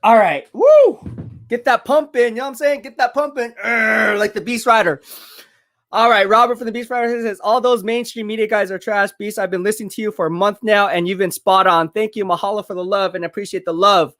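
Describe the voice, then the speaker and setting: Hyped high-voiced man streaming live. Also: fairly even intonation, a little fast. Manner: hyped, chatty, shouts out viewers. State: out of breath from curls. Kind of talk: live draft watch party, reading chat.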